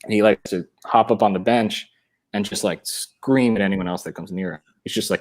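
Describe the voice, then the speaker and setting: A man's voice: lowish voice, brisk. Swearing, rambling young man on a call. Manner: rambling, laughs often, swears casually. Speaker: podcast guest. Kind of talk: casual chat on a video call.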